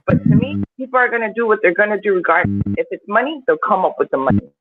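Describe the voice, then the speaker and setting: A woman's voice: mid-range voice, very animated, quick pace, over music. Impassioned woman on a tinny call line. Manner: impassioned, profane, rising in intensity. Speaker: podcast guest. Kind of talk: emotional podcast discussion. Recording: tinny phone-like call with faint hiss.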